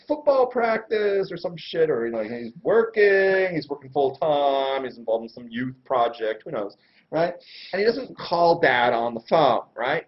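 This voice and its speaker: Animated slangy man teaching, lo-fi. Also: on the high side. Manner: slangy, irreverent, animated explaining. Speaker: Torah teacher and host. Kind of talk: casual religious lesson. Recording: dull lo-fi recording.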